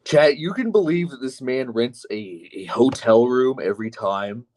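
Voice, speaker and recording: A man's voice: medium pitch, animated, moderate pace, a little mellow. A man streaming live, reading chat comments aloud and answering them with sardonic, profane mockery. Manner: sardonic, mocking, profane asides.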